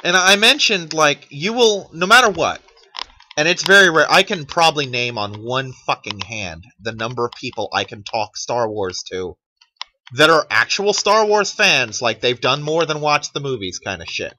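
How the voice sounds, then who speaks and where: A man's voice: on the high side, sing-song, moderate pace, bright, forceful tone, poor audio. A man in his thirties ranting in a profane, sarcastic monologue as a channel host, mocking other people in put-on quotes.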